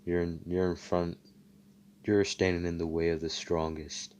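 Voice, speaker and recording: A man doing a brash young hero with a low, mellow voice, blunt and mocking, swearing at anyone in his way. It plays like a casually told fan story. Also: little pitch movement, normal speed, smooth, lo-fi sound, lightly acted. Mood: cocky.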